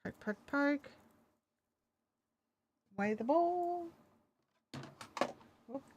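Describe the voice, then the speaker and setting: A woman's voice: high-pitched, animated, very slow, dull audio, background noise. An Australian woman chatting to herself and her dog while knitting in a casual crafting vlog. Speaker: crafting vlogger.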